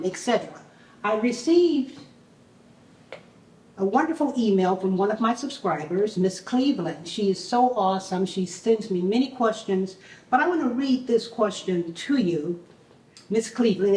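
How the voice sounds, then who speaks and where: A woman hosting her own talk show, upbeat and thankful, with a touch of preacherly fervor. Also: medium pitch. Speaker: host. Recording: echoey room, distant mic.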